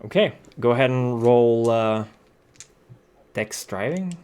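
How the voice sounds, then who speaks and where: A man narrating a tabletop game as game master, relaxed and matter-of-fact, with frequent ums. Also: mid-range voice, slow, clean tone.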